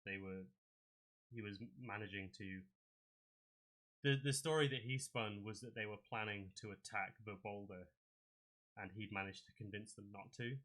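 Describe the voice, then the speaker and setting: A guarded, honorable male adventurer, as a man plays him in a tabletop game. The voice sits low and bright, and the speech is measured and earnest, with small restarts. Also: steady tone, lightly acted.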